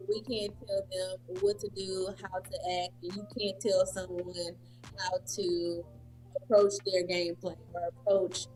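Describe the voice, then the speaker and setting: A woman's voice: fairly low pitch, little pitch movement, unhurried, a little mellow, faint music behind. A woman co-hosting a sports talk show, firmly disagreeing and pressing her point. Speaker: co-host. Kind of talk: casual sports debate.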